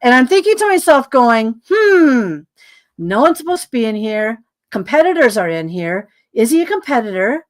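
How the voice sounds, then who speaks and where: A woman's voice: on the high side, big pitch swings, normal speed. A woman guest telling a story in casual conversation, acting out dialogue with lots of fillers and sounding tired. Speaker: podcast guest.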